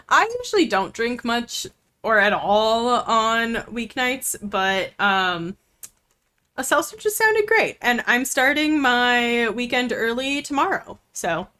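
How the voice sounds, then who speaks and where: Chatty woman streamer, higher voice. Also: animated, slow pace, fairly bright tone. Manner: chatty, many fillers, talks to viewers. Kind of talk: casual chat while playing a game.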